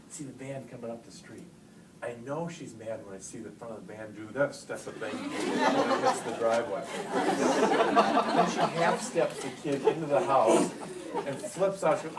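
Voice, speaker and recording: A middle-aged man giving a live talk to teachers and parents, telling stories in an animated way and getting loud for punch lines. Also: medium pitch. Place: large hall with audience. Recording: echoey hall, distant mic, noisy.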